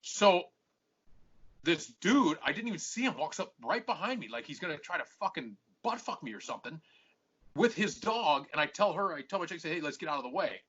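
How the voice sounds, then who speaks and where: A man's voice: fairly high pitch, big pitch swings, fairly quick, fairly bright tone, breathy edge. A man hosting a podcast, telling a rambling story full of swearing and acting out both sides of each argument. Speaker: podcast host. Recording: muffled lo-fi podcast audio.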